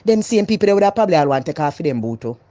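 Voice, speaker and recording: Jamaican woman vlogger, loud, animated and emphatic, dry close sound. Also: low-pitched, racing, dry recording. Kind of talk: casual opinionated monologue.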